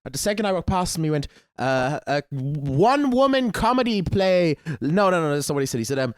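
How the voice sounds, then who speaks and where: Guy on a podcast, smooth resonant voice, dry close sound, sweary and jokey. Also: fairly high pitch, animated, racing, no echo. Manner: sweary, joking, mocking. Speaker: podcast co-host. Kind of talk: casual chat.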